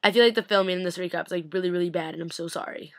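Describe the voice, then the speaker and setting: A woman's voice: fairly low pitch, rapid-fire, no echo, clean studio sound. A young woman recapping a TV episode in a casual, chatty vlog, giggling and acting out her own mock reactions. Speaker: fan recap vlogger.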